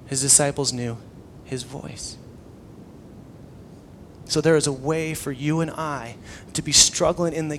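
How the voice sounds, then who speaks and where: Young male pastor, slightly high voice, casual sermon delivery that drops to near-whispers, faint hiss behind. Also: gravelly. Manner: conversational preaching, swings between loud emphasis and hushed tones.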